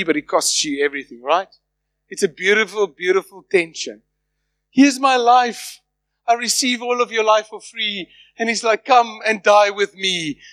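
High-voiced man preaching animatedly. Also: no room sound. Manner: animated preaching, acting out quoted voices, playful asides. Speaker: pastor. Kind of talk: sermon.

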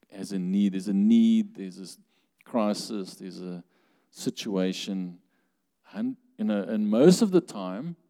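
A man's voice: on the low side, warm tone. A man preaching a sermon in a conversational way, asking the congregation questions and laughing now and then. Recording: long hall reverb.

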